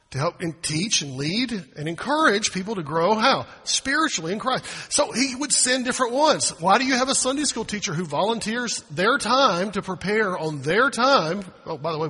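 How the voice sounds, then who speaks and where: A man's voice: sits high, sharp tone, husky, in a large hall. A man preaching a sermon as pastor, emphatic, asking the congregation rhetorical questions. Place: church sanctuary.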